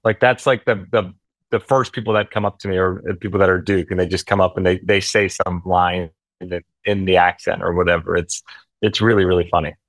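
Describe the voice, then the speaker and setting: A man's voice: low voice, steady tone, brisk, dry recording. A man guesting on an interview, telling a story in a casual, rambling way with many fillers. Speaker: actor guest.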